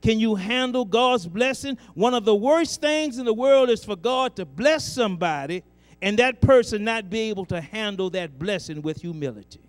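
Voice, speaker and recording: A man, a pastor preaching a sermon with a rhythmic cadence that repeats "uh" and rises into shouting. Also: high-pitched, expressive, normal speed, dry recording. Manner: shouts in the climax. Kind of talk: sermon building into a shouted, chanted close.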